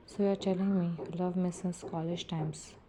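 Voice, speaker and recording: A woman voicing a shocked, confused young woman in love, in a soft, flat read-aloud delivery. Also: on the low side, normal speed, background noise, close to an everyday voice. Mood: unsettled.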